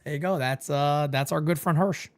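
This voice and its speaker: A man hosting a live-stream watch party, calling the baseball game and chatting with viewers in a casual, excitable way. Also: moderate pace. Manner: animated, jumps into high excited calls then drops low and quiet.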